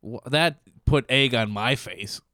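A man's voice: medium pitch, unhurried, bright, forceful tone, no room sound, clean studio sound. A man co-hosting a podcast, joking crudely and cutting in with quips. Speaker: podcast co-host. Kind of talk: casual chat.

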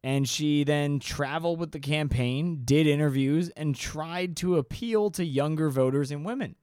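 A man's voice: on the high side, normal speed, darkish tone, smooth, no room sound, clean studio sound. A man co-hosting a podcast, chatting casually with sarcastic jokes and frequent swearing. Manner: sarcastic, swears freely, slips into mock voices. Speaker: podcast co-host.

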